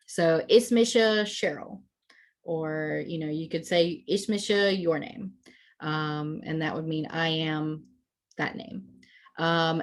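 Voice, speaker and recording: Woman, slightly low voice, patient explainer, lots of hesitant fillers, video call audio. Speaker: language presenter. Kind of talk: explanatory online presentation.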